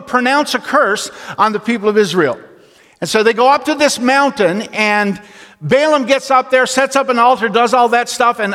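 A man preaching a sermon, telling a story casually and then slowing down and dropping low to stress his point. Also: bright, forceful tone. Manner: storytelling, slows and drops low for emphasis. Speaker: pastor. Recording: long reverb of a large hall.

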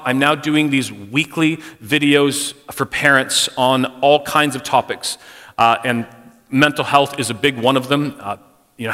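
A middle-aged man speaks to a church congregation in a frank, conversational way, leaning on casual "like"s. His voice is bright and forceful. It carries a long reverb from the hall around him. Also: mid-range voice. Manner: conversational, frank, personal, uses "like" often. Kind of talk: candid church talk on mental health. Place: church sanctuary.

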